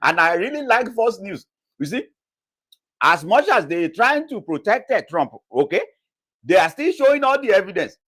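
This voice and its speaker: High-pitched mocking man, lively. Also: normal speed, slightly rough. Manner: mocking, laughs often, talks back to the clips. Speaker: commentator reacting to news clips. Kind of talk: casual reaction commentary.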